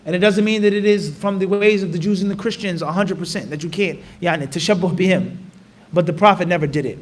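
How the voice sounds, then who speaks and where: A man teaching a religious lesson, animated and acting out little dialogues. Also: high voice. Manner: animated, acts out dialogues, recites Arabic rapidly. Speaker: Islamic teacher. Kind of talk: religious lesson with acted examples.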